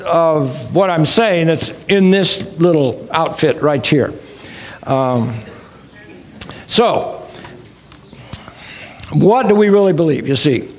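A man with a high-pitched voice speaks as a church-style lecturer, opening with prayer and telling anecdotes in a homespun way. He grows animated and exclaims in wonder as he talks. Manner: folksy storytelling, animated and exclaiming. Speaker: creation science speaker.

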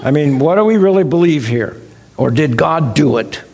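High pitched guy preaching, folksy stories, gets all excited. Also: moderate pace. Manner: folksy storytelling, animated and exclaiming. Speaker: creation science speaker. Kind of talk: sermon-style lecture with prayer.

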